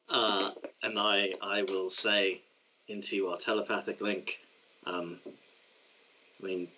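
A man's voice: lowish voice, steady tone, unhurried, pushed and bright, a little hiss or hum, poor audio. A man playing a tabletop game in an easygoing manner, with hesitant "uh"s. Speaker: player. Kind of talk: casual tabletop play.

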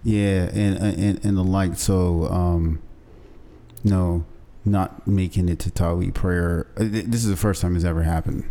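A man's voice: sits low, fairly even intonation, a little slow, warm tone. A man co-hosting a podcast, chatting casually with short, dry remarks. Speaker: podcast co-host.

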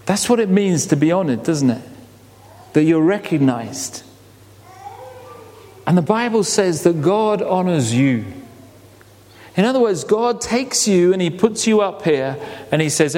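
A man preaching with a fairly high voice, animated and full of rhetorical questions and repeated words. The sound rings with a long reverb, as in a large hall. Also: unhurried, long pauses. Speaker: pastor. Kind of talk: sermon.

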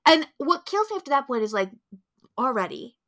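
A young woman co-hosting a podcast in casual chat, animated and profane, often acting out characters' lines. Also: sits high, brisk. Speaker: podcast co-host.

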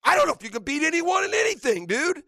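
A man hosting sports radio, delivering a fiery, mocking rant with shouted bursts. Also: very high voice, sing-song, quick pace, no room sound, clean studio sound. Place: radio studio.

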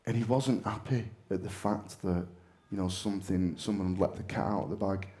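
A man's voice: deep voice, steady tone, fairly quick, dark tone. A middle-aged man with a Manchester accent, an actor chatting as an interview guest, telling stories in a self-mocking way with frequent laughs. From England. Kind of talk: casual storytelling interview.

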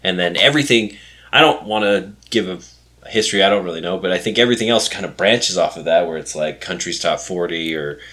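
A man's voice: low-pitched, a little fast, sharp tone. A man in his forties hosting a casual quiz chat, laid-back and laughing often. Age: 40s. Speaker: quiz host.

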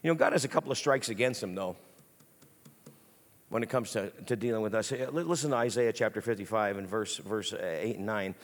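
A man preaching an animated sermon, telling stories in a lively, casual way. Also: lowish voice, brisk. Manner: lively, storytelling, casual slang. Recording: long hall reverb.

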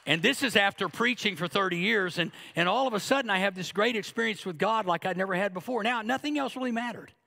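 High, gravelly man preaching a sermon. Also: quick pace, few pauses, pushed and bright. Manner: humorous, conversational preaching with acted-out asides. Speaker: pastor.

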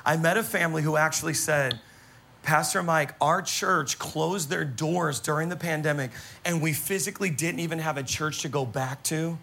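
A male pastor delivers his sermon with an animated, exclamatory storytelling style. His voice is bright and forceful and sits a little high, with a gravelly edge of vocal fry running through it. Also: moderate pace, a little hiss or hum. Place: church service.

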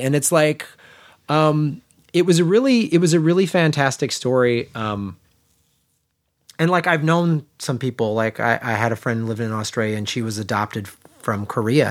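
A man co-hosting a casual film podcast, gushing about a movie in a rambling way, with many restarts and fillers. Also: mid-range voice. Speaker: podcast co-host. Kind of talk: casual film review chat.

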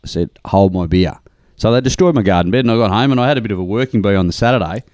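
A man's voice: fairly low pitch, rapid-fire, a little mellow, no room sound, clean studio sound. An Australian man co-hosting a radio show, chatting casually and acting out quotes as he tells stories. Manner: chatty storyteller, acts out quotes. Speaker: radio co-host. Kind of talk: casual banter.

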